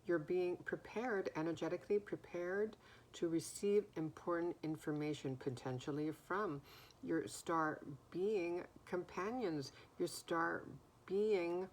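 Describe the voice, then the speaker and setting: A woman giving a slow, musing oracle card reading, often pausing to listen and repeating words as they come to her. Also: fairly low pitch.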